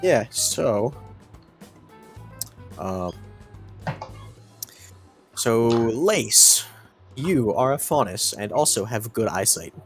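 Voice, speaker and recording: A man running a tabletop game as game master, narrating in a halting way with many fillers. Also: mid-range voice, lively intonation, faint music behind.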